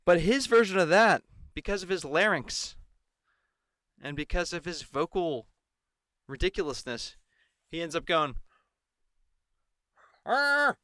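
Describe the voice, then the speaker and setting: A man's voice: a little high, a little slow, long pauses, fairly bright tone, dry recording, clean studio sound. A man giving a sarcastic commentary on a televised debate and mocking the anchors. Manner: mocking, mimics the anchors in exaggerated voices. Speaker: political commentator.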